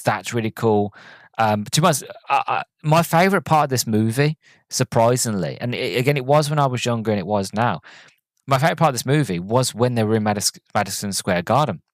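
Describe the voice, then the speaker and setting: A male podcast host reviewing a film in a loose, rambling way, full of restarts and tangents. His voice sits at a middling pitch. The recording is dry and close, with no room sound. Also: no echo. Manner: rambling, goes off on tangents, many fillers and restarts. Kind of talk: casual movie review monologue.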